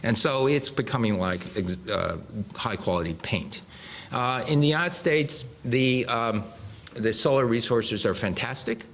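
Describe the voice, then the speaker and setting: A man's voice: mid-range voice, a little slow, fairly bright tone, slight background noise. A man in his sixties giving a public lecture from a podium to an audience, explaining with dry humor and frequent restarts. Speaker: guest speaker. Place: lecture hall before a live audience.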